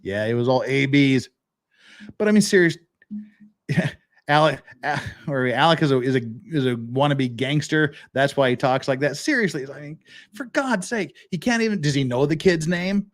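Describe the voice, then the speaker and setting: A man's voice: on the high side, moderate pace. A man hosting a live-stream legal commentary show, ranting in a profane, sarcastic and exasperated way.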